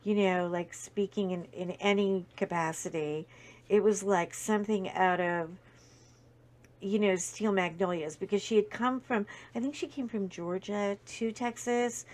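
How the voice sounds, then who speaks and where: A woman chats casually while she works on a craft project. She tells a long anecdote in an animated way, with many fillers and acted-out quotes. Her pitch sits in the middle for a woman. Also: a little slow. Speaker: video host. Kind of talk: casual storytelling while diamond painting.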